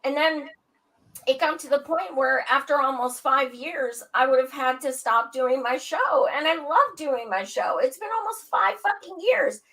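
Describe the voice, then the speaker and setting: A woman's voice: sits high, measured pace, a bit bright, poor audio. A blunt woman who swears freely and speaks emphatically in a casual panel chat. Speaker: podcast guest.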